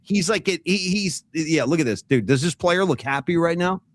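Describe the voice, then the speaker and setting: Lively talkative man hosting a podcast. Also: fairly high pitch, normal speed, no room sound, clean studio sound. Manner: animated storytelling, acting out quotes. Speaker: podcast host. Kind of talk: casual sports chat.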